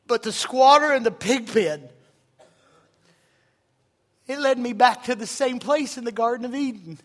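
A man's voice: very high voice, a little slow. A male pastor preaching an impassioned sermon in a church hall, full of rhetorical questions. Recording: reverberant hall with soft music.

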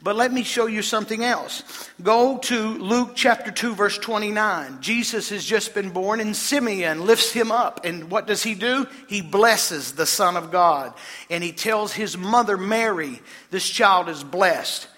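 A man's voice: high-pitched, measured pace, bright, forceful tone, in a large hall. A man preaching a sermon as pastor, quizzing the congregation and reading scripture aloud. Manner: preaching, addressing congregation with questions.

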